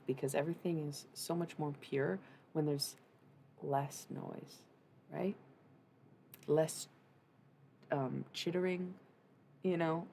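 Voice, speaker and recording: A woman with a deep voice and a creaky, gravelly texture chats on a livestream. She rambles loosely from one thought to the next, dropping slang and the odd curse. Her musings turn mystical, with faint noise under the voice. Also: a little mellow. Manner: rambling and free-associating, swears casually. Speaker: livestreamer giving an intuitive reading. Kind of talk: casual livestream chat.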